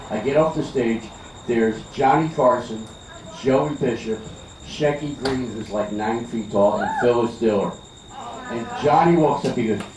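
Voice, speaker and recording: Older man doing backyard stand-up. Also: on the low side. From Philadelphia. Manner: chatty, teasing the crowd. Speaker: stand-up comedian. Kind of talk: stand-up comedy at a backyard party. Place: backyard party outdoors. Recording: echoey, distant, noisy outdoor party recording.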